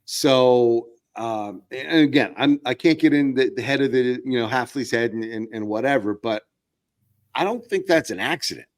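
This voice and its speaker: A man's voice: medium pitch, normal speed. A man appearing as a podcast guest, talking sports in a casual, rambling way with many fillers and restarts.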